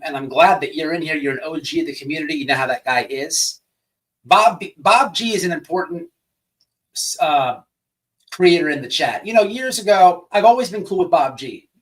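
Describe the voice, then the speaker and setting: Brief: male livestream host, higher voice that swings a lot in pitch, rambling and profane, a little off-mic. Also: normal speed, far from the mic. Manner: animated, profane, rambling storyteller. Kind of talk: casual livestream chat.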